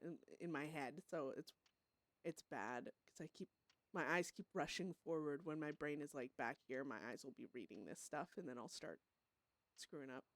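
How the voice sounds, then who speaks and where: In a low voice with no echo, a woman gives casual live-stream commentary on a roleplay game. She's chatty and emotional, swears, frequently starts sentences over, and often laughs and gasps.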